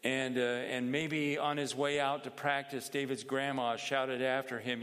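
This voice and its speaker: A man preaching a sermon in a measured, explanatory way, pausing for asides. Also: mid-range voice, little pitch movement, fairly bright tone. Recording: long reverb in a hall.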